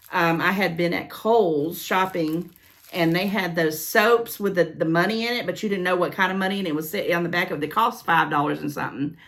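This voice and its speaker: A woman's voice: low-pitched, creaky. A middle-aged woman chatting casually on her vlog, rambling and gushing to a friend and her viewers as she opens gift mail. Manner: squealing with excitement. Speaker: vlogger opening gift mail.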